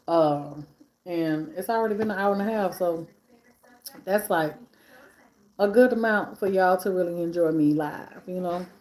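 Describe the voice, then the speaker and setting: A woman's voice: lowish voice, measured pace, pauses often, a little mellow. A woman hosting a live stream in casual chat, talking between bites while she eats and piling up repeated phrases for emphasis. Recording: echoey room.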